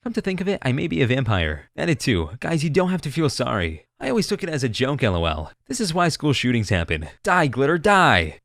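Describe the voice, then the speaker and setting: A man's voice: mid-range voice, gravelly, no echo, clean studio sound. A man narrating a string of online stories with a wry delivery, sometimes slipping into other voices. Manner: quick, animated, wry, jumps into quoted voices. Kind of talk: reading online stories aloud.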